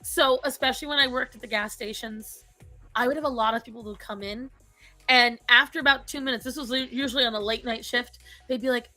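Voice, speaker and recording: A woman's voice: a little high, quick pace, sharp tone, no room sound, soft background music. A woman with a thick Rhode Island accent, telling stories in casual chat, laughing often and swearing freely. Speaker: podcast co-host.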